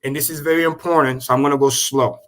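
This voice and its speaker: A man on a video call explaining crypto with excitable, profane energy and repeating key points slowly for emphasis. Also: mid-range voice. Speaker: crypto show guest. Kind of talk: animated livestream explanation.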